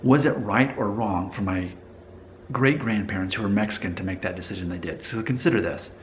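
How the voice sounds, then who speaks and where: A man's voice: fairly low pitch, brisk, slight background noise. A man vlogging in a conversational, explanatory way, thinking aloud and restarting sentences as he goes. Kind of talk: casual talking-to-camera monologue.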